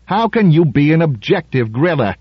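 A man's voice: a little high, very animated, moderate pace, breathy edge, no echo, lo-fi sound, pitched above the performer's own voice. A man voicing an indignant, argumentative male dinner guest in a storybook reading. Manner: indignant, quarrelsome.

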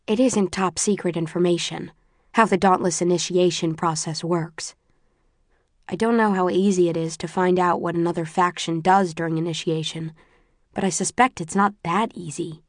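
A woman reading a first-person audiobook in a steady, even storytelling voice. Her pitch sits somewhat low, and the studio sound is dry and close. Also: moderate pace, no echo. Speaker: audiobook narrator.

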